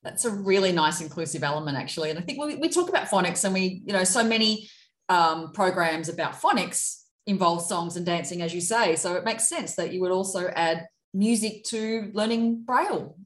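A woman's voice: lowish voice, expressive, normal speed. A woman hosting a podcast interview, friendly and appreciative, laughing easily with her guest. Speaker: podcast host. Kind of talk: casual interview. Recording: roomy echo.

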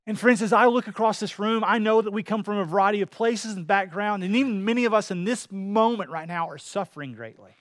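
Male preacher, high voice, impassioned sermon delivery, dry close mic. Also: a little fast, hardly any pauses, a bit bright, no room sound. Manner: preaching with rising intensity, acting out quoted voices.

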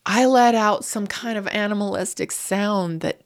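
During an emotional interview, a woman guest speaks at normal speed in a mid-range voice while telling a painful personal story. She comes across raw and grieving, her voice surging when distress takes hold.

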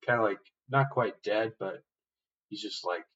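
A young male podcast host retells a story in a loose, rambling way and swears often. His voice sits fairly low, and the recording is dull and lo-fi. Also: unhurried. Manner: rambling, profane, animated retelling. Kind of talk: casual episode recap.

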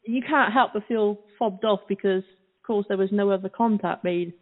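A woman's voice: medium pitch, normal speed. A British woman from the UK co-hosting a casual talk radio show, chatty and exclamatory. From United Kingdom. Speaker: co-host. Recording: tinny phone-line sound.

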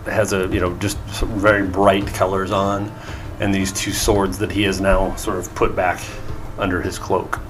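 A man narrating a tabletop game as game master in a relaxed, hesitant way, often restarting his sentences. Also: sits low, normal speed, background noise.

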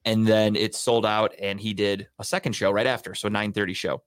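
A man co-hosting a podcast, telling a long story in a profane, animated, casual way. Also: fairly low pitch, a little fast, no echo. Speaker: podcast co-host.

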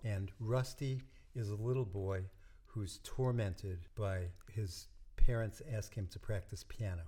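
An older man with a low, mellow voice, a guest in an interview. He talks in a relaxed, storytelling way and lets his sentences trail off softly. He sounds like he is casually reminiscing. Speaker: guest, musician and dentist.

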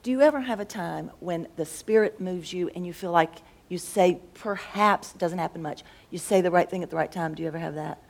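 A woman's voice: on the low side, fairly quick, gravelly, hardly any pauses. A woman who teaches school, talking casually about faith and thinking aloud as she searches for words. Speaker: schoolteacher and co-host.

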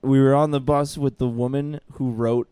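A young man with a mid-pitched voice tells a story on a casual podcast. He rambles and keeps restarting his sentences. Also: steady tone, normal speed, dark tone, clear, resonant tone, no room sound. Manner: rambling, many restarts and fillers. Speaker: podcast co-host.

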